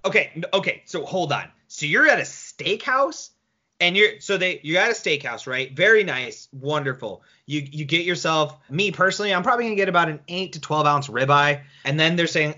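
A young man in a loose podcast debate who argues with incredulous, swearing energy. His voice is high and bright, and his pitch jumps around a lot. The recording is slightly dull and lo-fi. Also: expressive, normal speed. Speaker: co-host.

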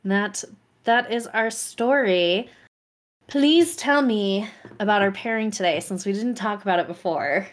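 A woman co-hosting a casual podcast, telling stories with lively acted-out quotes. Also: mid-range voice, measured pace. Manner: animated storyteller, acts out quotes. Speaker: podcast co-host. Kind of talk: casual chat.

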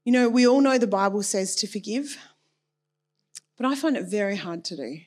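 A woman delivers a sermon in an earnest, conversational manner. Her voice sits in a mid range. She talks from her own experience, openly and warmly personal in tone. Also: medium pitch, lively intonation, moderate pace. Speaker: preacher.

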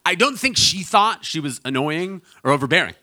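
A male pastor preaching a sermon in a relaxed, storytelling way, with lots of fillers and restarts. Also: on the high side, moderate pace. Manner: storytelling, conversational with many fillers.

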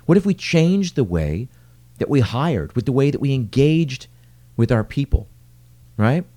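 Earnest restaurateur musing aloud, warm-toned. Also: male voice, mid-range voice, big pitch swings, a little slow. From lives in New York City. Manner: earnest, repetitive, rhetorical questions. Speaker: restaurateur and podcast host. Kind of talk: solo podcast monologue.

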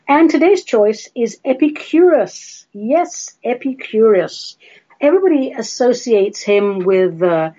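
A woman's voice: a little high, warm tone, breathy edge. A woman hosting a solo radio show, talking in a chatty way with dry, self-mocking asides. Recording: slightly dull lo-fi radio recording.

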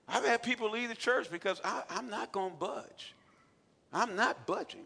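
A high-voiced male pastor preaches with a bright, gravelly edge, swinging from quiet asides to shouted calls. His voice rings with long reverb through a large church sanctuary. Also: moderate pace. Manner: acts out quotes with repetition and filler sounds. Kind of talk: sermon.

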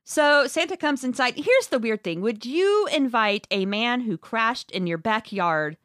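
A woman's voice: on the high side, expressive, measured pace, a bit bright, no echo, studio quality. A woman co-hosting a casual chat, recapping a book with laughs and profane asides. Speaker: podcast host recapping a book.

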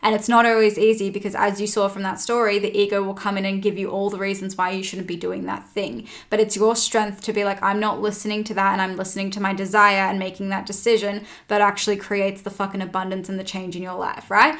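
A woman chatting casually as a host, telling her story in a candid, emphatic way and swearing freely. Her pitch sits in an ordinary middle range for a woman. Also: level tone, quick pace, few pauses, a bit bright. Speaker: podcast host. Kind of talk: casual chat.

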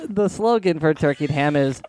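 A man's voice: a little high, expressive, normal speed, a little mellow, slight background noise. A man co-hosting a podcast, teasing the others and laughing through casual banter. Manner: teasing, giggly. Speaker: podcast co-host.

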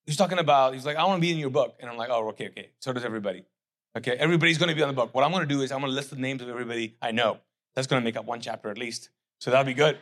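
A middle-aged man, a pastor, preaching a sermon with lively storytelling, often repeating and restarting words. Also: medium pitch. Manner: animated storytelling, acting out quotes in a raised voice.

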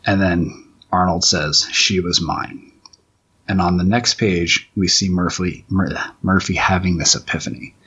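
Deep husky man talking comics. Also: steady tone, fairly bright tone, dull audio. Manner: rambling, halting, many restarts and fillers. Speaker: comic book writer. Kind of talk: commentary track, casual chat.

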